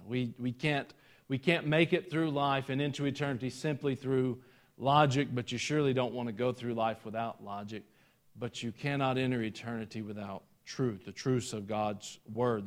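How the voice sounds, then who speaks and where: A middle-aged man with a Southern US accent, preaching a sermon as pastor, rising and falling in volume. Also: mid-range voice. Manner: preacherly, rises and falls in volume.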